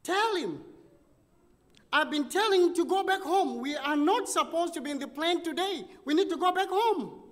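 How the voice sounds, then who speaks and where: A man's voice: animated, moderate pace, a bit bright. A man in a sermon putting on the voice of a worried wife who insists she and her husband must go home. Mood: pleading. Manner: insistent, high-pitched and urgent. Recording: long church reverb.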